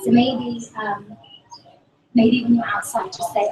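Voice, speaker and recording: A young British woman with an American-tinged accent, chatting casually while getting ready for a live stream. She talks quickly and now and then drops to a whisper. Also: on the high side, little pitch movement, a little mellow. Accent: British with an American twang. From Britain. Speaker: student host of a live stream. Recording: echoey room with faint noise.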